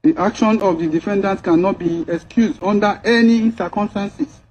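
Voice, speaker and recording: A man, a judge reading a formal court judgment in a measured way. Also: sits high, steady tone, a little mellow, slight background noise. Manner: measured, formal, legal wording. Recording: dull lo-fi recording.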